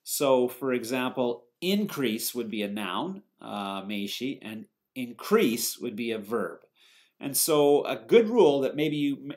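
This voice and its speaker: A man teaching a lecture, explaining step by step in a steady way, with fillers and self-corrections. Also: mid-range voice. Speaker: English teacher giving a lecture. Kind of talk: recorded lecture.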